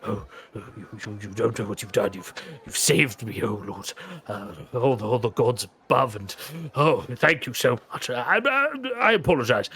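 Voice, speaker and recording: A man voicing a nervous, fussy male servant who stammers and speaks softly. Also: medium pitch, animated, normal speed. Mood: relieved fluster. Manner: stammering, breathless, quiet.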